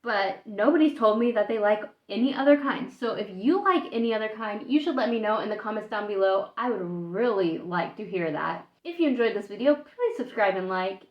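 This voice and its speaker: A woman's voice: medium pitch, animated, fairly quick, hardly any pauses. Woman from the US, casual food vlog, thinks aloud while tasting, roomy echo, slightly dull lo-fi sound. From United States. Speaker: food vlogger. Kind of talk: casual taste-test vlog. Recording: echoey room, dull lo-fi sound.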